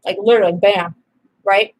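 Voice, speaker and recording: A woman's voice: mid-range voice, steady tone, moderate pace, low-quality recording. A young adult woman chatting casually to her viewers while eating supper, rambling from topic to topic with exasperated asides. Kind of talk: casual chat.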